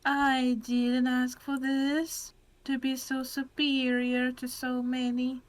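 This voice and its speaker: A woman voicing a gloomy, self-pitying female troll who posts sinister content, reading her lines slowly in a flat robot-like voice. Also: sits high, poor audio. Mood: brooding. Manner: slow flat robotic delivery. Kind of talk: reading game dialogue aloud.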